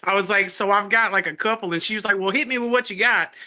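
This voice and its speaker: A man's voice: sits high, fast talker. A man with a Southern US accent, a stand-up comedian chatting casually and acting out his stories with lots of laughter. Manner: animated storytelling, laughs often, acts out quotes. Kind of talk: casual chat.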